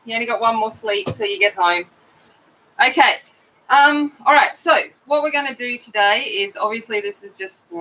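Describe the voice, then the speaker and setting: A woman's voice: a little high, pushed and bright, rough recording. A middle-aged woman hosting a coloring live stream, chatting casually and rambling as she greets viewers by name.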